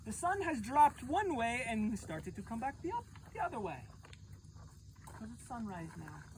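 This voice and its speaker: A high-voiced woman youth pastor tells a Bible story as if she lived it, playful and animated, speaking straight to her listeners. A faint hiss of noise sits under the recording. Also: low-quality recording. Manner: animated, playful, addresses the audience directly. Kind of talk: acting out a Bible story as a first-person storyteller.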